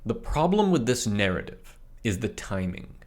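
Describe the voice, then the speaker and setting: A man reading a history blog post aloud in a measured way, reading out its notes and image descriptions too. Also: on the low side, big pitch swings, darkish tone. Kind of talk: read-aloud narration of an essay with notes.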